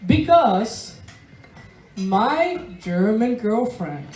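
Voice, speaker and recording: A woman from Venezuela performs stand-up to a live crowd, talking at an unhurried pace with a deadpan, laughing delivery. Her voice sits at an ordinary pitch and comes from some way off the mic, in an echoey room. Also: distant mic, soft background music. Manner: slow, laughing deadpan storytelling with swearing. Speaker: stand-up comedian. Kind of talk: stand-up comedy set. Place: large room of a bar, live audience.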